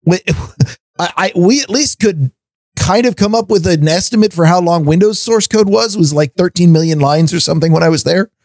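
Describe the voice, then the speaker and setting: A middle-aged podcast co-host with a high, slightly mellow voice rants through casual conversation at normal speed. He stammers on frequent restarts and laughs between his points, and the recording is dry.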